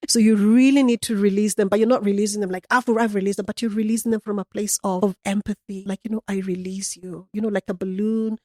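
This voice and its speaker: Woman interviewee, animated storyteller, warm dark tone, dry close sound. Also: mid-range voice, fast, hardly any pauses, no room sound. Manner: animated storyteller acting out quoted dialogue. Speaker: guest, customer service coach.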